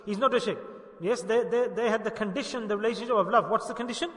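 A man's voice: high voice, fast, a bit bright. Emphatic preacher man in an echoing hall. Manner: emphatic, repeats key points. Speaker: Sufi preacher. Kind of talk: sermon. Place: gathering hall. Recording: echoey hall, long reverb.

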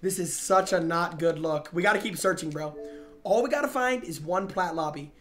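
A young man streaming a game, chattering excitedly to his chat in slangy, excitable commentary. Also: high voice, normal speed, soft background music. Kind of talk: live gaming commentary.

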